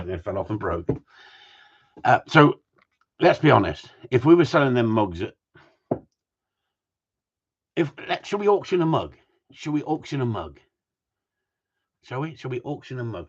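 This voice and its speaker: Husky-voiced man hosting a live stream. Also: mid-range voice. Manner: jokey, teasing, reads viewer comments aloud. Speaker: host of a gundog group live stream. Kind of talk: casual live-stream chat. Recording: dull lo-fi sound.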